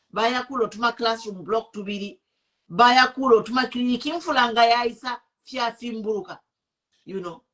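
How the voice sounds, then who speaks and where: A woman's voice: on the high side, pushed and bright. A woman with a Zambian accent, hosting an online show and giving impassioned political commentary, indignant and switching between English and Bemba.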